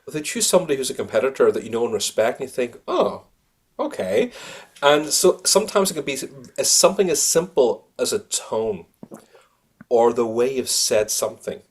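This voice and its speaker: Animated guy, kinda husky, laughs a lot, sales coach on a podcast. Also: medium pitch, brisk. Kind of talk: podcast interview.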